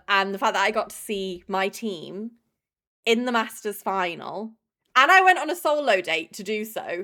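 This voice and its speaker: A young woman talks loosely to her stream, rambling and swearing freely as she greets chatters by name. Her voice sits at an ordinary middle pitch, easy and conversational. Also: fairly bright tone. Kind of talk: casual live-stream chat.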